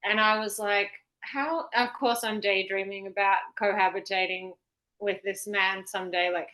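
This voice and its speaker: A woman's voice: mid-range voice, sharp tone, low-quality recording. A woman from New Zealand with a New Zealand accent, co-hosting a podcast in giggly, chatty casual talk. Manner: giggly, chatty, swears freely. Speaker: podcast co-host. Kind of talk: casual chat.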